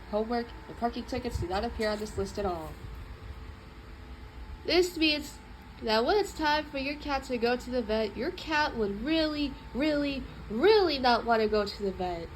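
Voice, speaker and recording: A woman reading a children's book aloud in an expressive, playful way. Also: fairly high pitch, normal speed, slight background noise, rough recording. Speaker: storybook reader.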